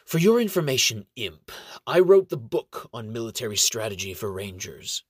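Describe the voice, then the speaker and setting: A man's voice: mid-range voice, big pitch swings, moderate pace, breathy edge, dry recording. A tall, arrogant ranger who has no patience for anyone, as a man puts him on. His lines come out clipped and dismissive, in a dry, close voice with no room sound. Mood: indignant. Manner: brusque, dismissive. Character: tall muscular male ranger, arrogant and impatient.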